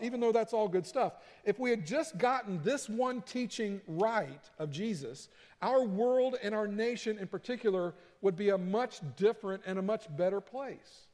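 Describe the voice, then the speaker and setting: A man's voice: high voice, normal speed, a little mellow. A man preaching a sermon as pastor, telling the story in a conversational, emphatic way. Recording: long hall reverb.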